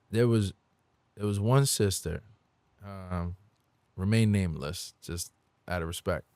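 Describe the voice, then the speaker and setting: Earnest low-voiced man confessing. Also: a little mellow, clear, resonant tone, dry recording. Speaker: podcast guest. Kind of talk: candid faith conversation.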